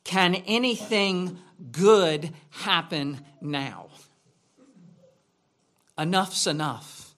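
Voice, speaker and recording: A man's voice: sits high, lively intonation, very slow, long pauses, fairly bright tone. A man preaching a sermon in a church, asking rhetorical questions in a conversational way. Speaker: pastor.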